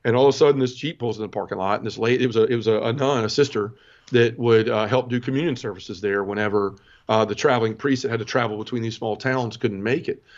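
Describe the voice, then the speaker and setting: A man's voice: medium pitch, fast, dull audio. A middle-aged man from the American South telling an emotional personal story as an interview guest, earnest, with many restarts. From Southern United States.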